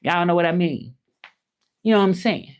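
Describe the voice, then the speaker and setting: Guy from memphis doing a laid back livestream, talks slow and reflective, says things twice. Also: high-pitched, clean tone. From Memphis, Tennessee, USA. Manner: reflective, repeats phrases slowly. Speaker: livestream host. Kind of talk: casual live chat.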